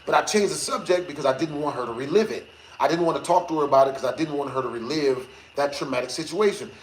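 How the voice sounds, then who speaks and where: A man streaming games who tells a story to his chat in a lively, slangy way, laughing often and swearing. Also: a little high, quick pace. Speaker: gaming streamer. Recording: echoey room with faint noise.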